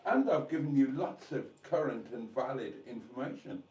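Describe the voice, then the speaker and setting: A warm, medium-pitched male voice with lively intonation moves along at a normal pace. He's got a stuffy head cold and is casually live streaming from a caravan with a gas fire, reading viewer comments and making wry jokes at his own expense.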